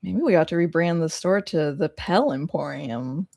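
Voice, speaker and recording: A young woman streamer reading a story game aloud and reacting excitably, with laughing asides and loud outbursts. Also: low voice, moderate pace, vocal fry, no echo, studio quality.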